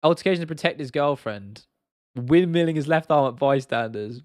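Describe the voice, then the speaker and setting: A man's voice: on the high side, a little fast, no echo, studio quality. Young man chatting on a livestream. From England. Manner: blunt and animated, swears freely, reads out viewer comments. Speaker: livestream host. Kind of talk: casual livestream chat.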